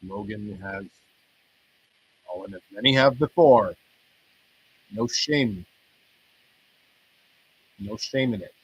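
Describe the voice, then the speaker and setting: A man's voice: on the low side, slow pace, long pauses, breathy edge, poor audio. A man hosting a podcast, chatting loosely and rambling, joking and swearing as he reacts to wrestling results. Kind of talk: rambling casual commentary.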